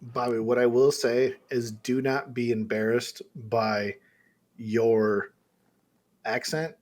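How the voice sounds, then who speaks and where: A man's voice: medium pitch, flat delivery, slow pace, darkish tone. A young man on a podcast who explains things eagerly with rambling asides. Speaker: podcast co-host. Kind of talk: casual chat.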